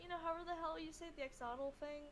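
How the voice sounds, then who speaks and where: A woman's voice: high voice, fairly even intonation, very fast, a crowd in the background, rough recording. A woman guest artist chatting casually and giggling on a live art stream, talking about her characters.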